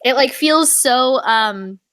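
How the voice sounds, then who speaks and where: An American woman in casual book-club chat over a video call, animated and quick to laugh. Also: high-pitched, no echo. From United States. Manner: animated, exasperated, laughs often. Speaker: co-host of a book club live show.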